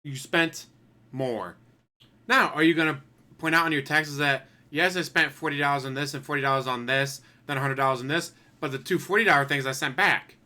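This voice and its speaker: A man's voice: on the high side, a little fast, bright, forceful tone. A man hosting a commentary channel, adding sarcastic, mocking remarks over clips.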